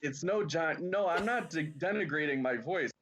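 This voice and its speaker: A man's voice: a little high, expressive, moderate pace, fairly bright tone. A man talking casually on a podcast, rambling and filling his talk with "like.". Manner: laid-back, rambling with many "like"s. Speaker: podcast guest. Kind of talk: casual chat.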